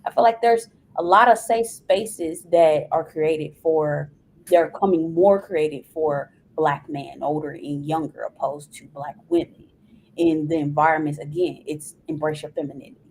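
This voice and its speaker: A woman's voice: low-pitched, unhurried, a little mellow, a little hiss or hum, poor audio. A woman guest on a podcast, talking earnestly and giving advice in casual conversation.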